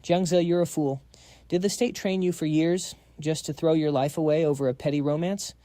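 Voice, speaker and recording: A man's voice: on the high side, fairly even intonation, normal speed, mellow, dry recording, natural voice. A man voicing a stern older institute director who scolds his researcher.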